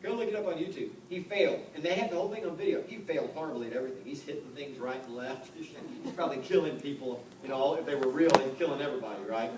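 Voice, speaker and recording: A man in his fifties coaches a room of real estate agents in a loose, joking way, firing off rhetorical questions. His voice sits a little high for a man. He is picked up from across an echoey meeting room, with a clear layer of background noise. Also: very fast, hardly any pauses, recorded from a distance. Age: 50s. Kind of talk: live motivational seminar talk.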